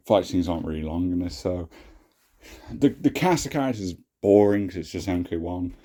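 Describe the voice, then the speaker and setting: Low-voiced British man, rambling review. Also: expressive, a little fast, mellow. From Britain. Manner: rambling, frequent restarts and swearing. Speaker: YouTube reviewer. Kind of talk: casual opinion commentary.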